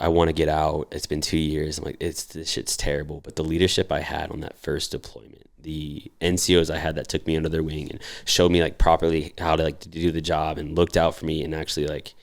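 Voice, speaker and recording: A young man with a very low, gravelly voice tells his stories in a loose, casual way. He swears freely and jumps into animated impressions of the people he quotes. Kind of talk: casual storytelling.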